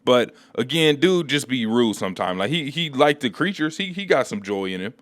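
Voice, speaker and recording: A man hosting a casual comic book recap, talking through the story in relaxed, slangy speech. His voice is middle-pitched and dry, right up on the mic. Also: normal speed, no echo. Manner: slangy, laid-back storytelling.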